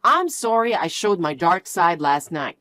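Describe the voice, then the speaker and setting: A middle-aged future mother-in-law who speaks in a quiet, apologetic way, played by a woman narrating. Her delivery still moves up and down freely, with a dry sound and no room echo. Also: on the low side, big pitch swings, unhurried. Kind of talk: storytelling with acted dialogue.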